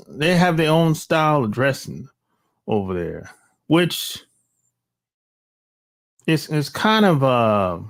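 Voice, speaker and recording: Slow, animated middle-aged man ranting. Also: a little high. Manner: rambling, blunt, with slang and profanity; frequent sighs and restarts. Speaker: channel host. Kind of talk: casual opinion monologue.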